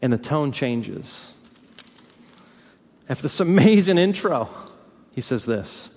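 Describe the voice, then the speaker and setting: Male pastor, high voice, dramatic sermon delivery, church hall reverb. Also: sing-song, measured pace, long pauses. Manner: dramatic swings between hushed lows and fiery peaks.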